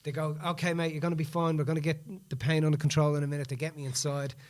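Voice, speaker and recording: A man with a voice a touch higher than usual tells a story in relaxed podcast chat. He slips into the voices of the people he quotes, keeping the telling lively and animated. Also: fast talker. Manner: animated, acts out quoted speech in the retelling. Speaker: podcast host.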